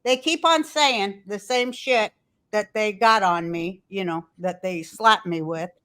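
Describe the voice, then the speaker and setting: An older woman talking in a loose, rambling way, swinging into blunt rants full of swearing. Her voice sits at an ordinary middle pitch for a woman. She is in a hotel room, chatting on a podcast. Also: measured pace, a bit bright. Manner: rambling, profane, storytelling rant. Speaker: podcast host. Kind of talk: casual chat.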